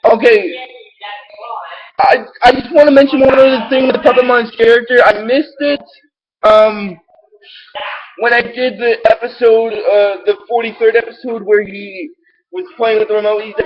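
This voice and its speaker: A man hosting his own show, rambling through an excitable recap with many restarts. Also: very high voice, moderate pace, pauses often, highs cut off, a crowd in the background. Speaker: show host recapping episodes.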